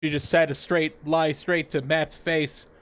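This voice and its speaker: A man's voice: fairly high pitch, little pitch movement, measured pace, a bit bright, smooth. A man casually recapping a TV episode on a podcast, swearing freely and laughing as he acts out characters' lines. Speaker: podcast co-host.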